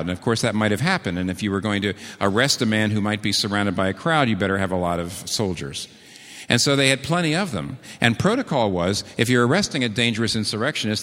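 A man preaching a sermon, telling stories earnestly and slowing down to repeat key words with emphasis. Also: lowish voice, fairly bright tone, long reverb tail. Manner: earnest storytelling with slow emphatic repetitions. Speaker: pastor.

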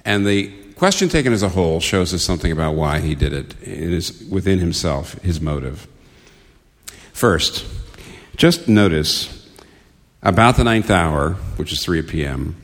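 A low-pitched man delivering a sermon with earnest, mounting intensity. His voice carries a long reverb, as if spoken in a large church hall. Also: lively intonation, unhurried, a bit bright. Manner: earnest, building to impassioned questions. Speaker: preacher.

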